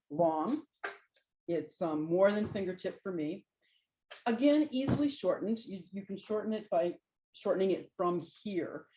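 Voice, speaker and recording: A woman presenting knitting yarns and jackets to a small audience in a relaxed, chatty way, often trailing off with fillers and restarts. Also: on the low side, highs cut off. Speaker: yarn shop presenter. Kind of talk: informal trunk show presentation.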